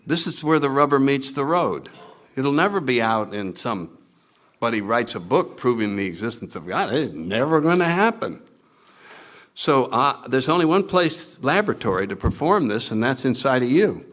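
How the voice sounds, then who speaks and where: This man addresses a recovery meeting audience at normal speed, his voice pitched in the middle range. His storytelling is lively and self-mocking, and he performs things he used to say in exaggerated voices.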